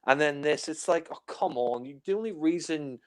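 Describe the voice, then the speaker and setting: Chatty young man, smooth voice. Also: a little high, normal speed. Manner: chatty, many fillers, acts out scenes in silly voices. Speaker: film reviewer. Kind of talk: casual film discussion.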